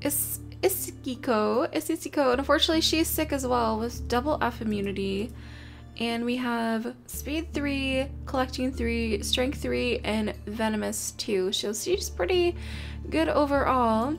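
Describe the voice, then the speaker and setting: A woman's voice: on the high side, measured pace, gravelly. A young woman casually narrating her game, chatting to her creatures and easily flustered. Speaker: gaming channel host. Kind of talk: casual let's-play commentary. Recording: soft music behind.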